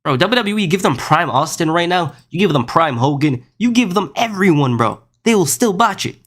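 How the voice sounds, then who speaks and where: A young man chatting on a live stream with a slightly higher voice than most men. He reads viewers' messages aloud and answers them in a loose, rambling way, throwing in "bro" and "listen.". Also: expressive, normal speed, a bit bright. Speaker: streamer reacting to chat. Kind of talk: casual live-stream chat.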